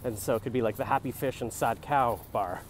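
Holding his phone on a city street, a young comedian vlogger rambles through a comic vlog, musing and free-associating. His medium-pitched voice moves briskly, and a little hiss or hum is present.

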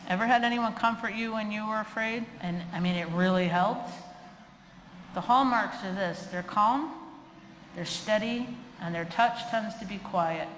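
A woman's voice: mid-range voice, measured pace, fairly bright tone. A woman giving a humorous live lecture on animal behavior and fear, acting out the voices of the people she quotes. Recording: echoey hall, faint room noise.

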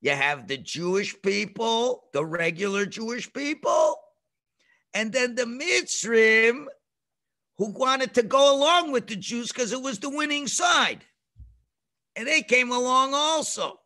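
A man teaching a children's religious class over a video call, telling the story in an animated way and acting out the voices. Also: very high-pitched, slow.

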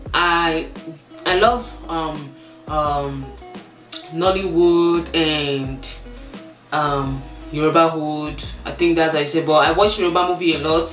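A woman's voice: low-pitched, a bit bright. Chatty Nigerian woman vlogger, roomy sound. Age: 20s. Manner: chatty, playful, rambling with fillers. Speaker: YouTuber. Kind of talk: casual vlog chat.

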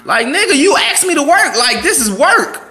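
A young man giving casual, profane, blunt advice as a vlogger, talking fast and animated. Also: very high-pitched.

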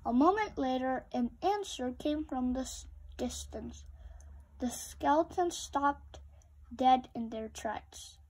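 A woman reading a children's picture book aloud with slow, expressive storytelling. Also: high voice, slightly rough, poor audio.

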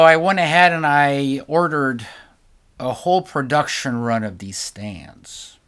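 A man's voice: mid-range voice, takes it slowly, fairly bright tone, clear, resonant tone. A middle-aged man, a guitar maker, speaking unscripted to camera in an impassioned, ranting way, repeating words for emphasis. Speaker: guitar maker selling stands.

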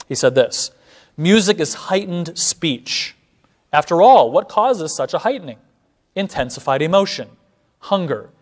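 Measured male lecturer, slightly higher voice. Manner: measured, explanatory, asks rhetorical "right?". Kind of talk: classroom lecture. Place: classroom.

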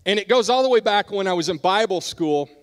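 A middle-aged male pastor preaching with a high, bright-pitched voice. He talks in an earnest way and turns hushed during personal stories, and a long hall reverb trails after his words in the church. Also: expressive, fairly quick. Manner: earnest, drops softer when telling personal stories. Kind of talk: sermon.

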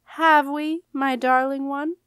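A grating, screechy queen mother, haughty and cruel, her words dripping with false sweetness, as a woman narrator puts her on. The voice sits well above the reader's own, slow and drawn out, with a dry, close sound. It is a storybook villain read aloud. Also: a little high, a bit bright, smooth, no room sound. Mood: falsely sweet. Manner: falsely sweet, silky and menacing.

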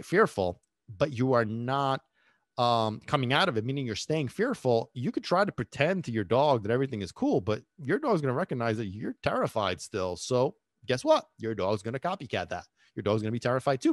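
A male dog trainer hosts a podcast monologue. His pitch rises and falls a lot as he acts out voices and checks in with listeners. The sound is close and dry. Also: dry recording. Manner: animated, acts out voices, asks listeners questions.

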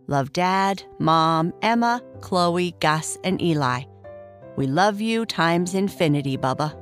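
A woman hosting a bedtime story show, reading listener shout-outs and narrating a children's story in a slow, soothing way. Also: lowish voice. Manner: slow, soft and soothing, reading names warmly. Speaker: storyteller host.

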